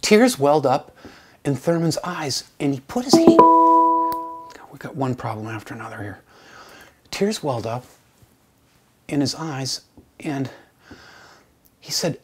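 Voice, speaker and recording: A male composition instructor tells his students a personal story in an informal recorded lesson. He talks conversationally and acts out the lines other people said. In the sad stretches his voice drops low and hushed. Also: very animated, normal speed, long pauses, slight background noise. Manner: conversational, acts out quoted dialogue with voice shifts.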